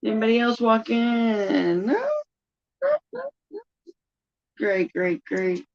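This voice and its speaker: Slow-talking upbeat woman co-host. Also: fairly high pitch, steady tone, no echo, highs cut off. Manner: upbeat, encouraging. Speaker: live stream co-host. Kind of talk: casual chat.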